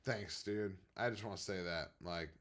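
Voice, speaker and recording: A man hosting a casual late-night livestream from home, rambling off on tangents and swinging between quiet, low musing and loud, excited bursts. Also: normal speed. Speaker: livestream host and business owner.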